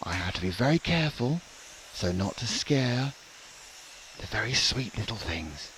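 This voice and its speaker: A man putting on the voice of a hushed nature documentary narrator, talking softly and with mock reverence. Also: lowish voice, big pitch swings, measured pace, a little hiss or hum, poor audio. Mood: hushed, mock-reverent.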